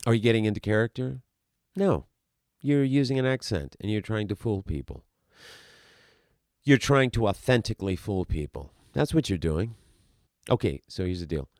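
A man's voice: lowish voice, lively intonation, normal speed, long pauses, a little mellow, dry recording, studio quality. A man, an acting teacher, talking through a podcast monologue in an emphatic way, asking rhetorical questions and repeating words as he makes his points.

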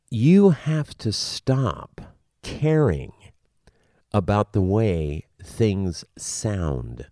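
A middle-aged man lecturing as an acting coach. He is emphatic and animated, and he often repeats a word as he starts a phrase. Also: on the low side, no echo, studio quality. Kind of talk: spoken lecture to the viewer.

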